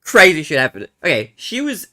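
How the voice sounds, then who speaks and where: A young man, a streamer casually chatting and retelling a reality show in a rambling, animated way with lots of fillers. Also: a little high, a little fast, slight background noise. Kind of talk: casual chat while gaming.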